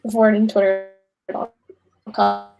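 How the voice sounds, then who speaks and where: A woman's voice: medium pitch, flat delivery, a little slow, gravelly, highs cut off, music in the background. A young woman hosting a livestream, chatting casually, reading out viewer comments and laughing often. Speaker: livestream host.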